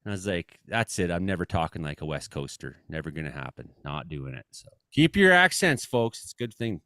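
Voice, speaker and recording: A man with an Ottawa Valley accent hosting a live-streamed comedy weather show, joking and swinging between loud lines and mumbled asides. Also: low voice, big pitch swings, a little fast, no room sound.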